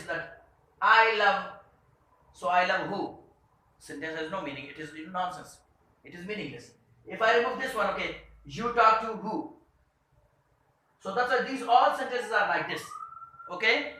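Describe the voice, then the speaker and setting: A man teaching an English grammar lesson, speaking haltingly with many "uh" and "you can say" fillers. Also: high voice, bright, forceful tone. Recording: very echoey room.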